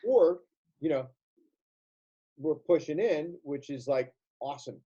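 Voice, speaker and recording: A man's voice: a little high, takes it slowly, dark tone, slight background noise. A man hosting an interview as a sales coach, reflective and affirming, asking his guest for the next point. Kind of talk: conversational interview. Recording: dull lo-fi sound.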